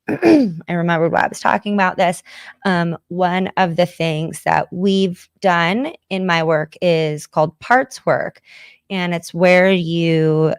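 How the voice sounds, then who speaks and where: American woman host, lowish voice, dry close sound, confessional and chatty with casual swearing. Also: clear, resonant tone, no echo. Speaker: podcast host. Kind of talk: candid livestream chat with viewers.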